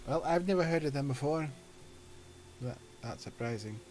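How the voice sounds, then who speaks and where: A man's voice: on the high side, lively intonation, normal speed, a little mellow, slight background noise. A man playing in a tabletop game, chatting casually and joking with the table. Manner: joking, laid-back. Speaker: player. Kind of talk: casual chat.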